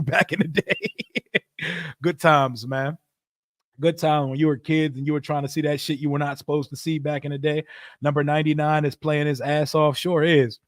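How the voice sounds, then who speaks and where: Guy streaming a football watch party, cussing and joking, bit high voice, real dry sound. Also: no echo. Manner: loose, profane, joking, reads chat aloud. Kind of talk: casual live reaction and play-by-play.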